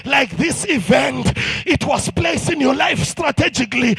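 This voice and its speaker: A man's voice: very high voice, measured pace, vocal fry, hardly any pauses, fairly bright tone. A South African man preaching an impassioned sermon at a youth event, mixing in Zulu, with rallying repeated calls.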